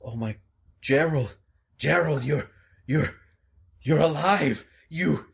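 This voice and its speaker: A man's voice: fairly high pitch, takes it slowly, gravelly, pitched above the performer's own voice. A man voicing a stunned young man, stammering in disbelief. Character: shaken young man named Taku.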